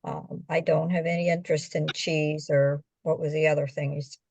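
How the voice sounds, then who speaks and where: A woman's voice: low voice, flat delivery, normal speed, a little mellow, a little hiss or hum. A woman guest in a casual chat, plainspoken and matter-of-fact, with some hesitant fillers.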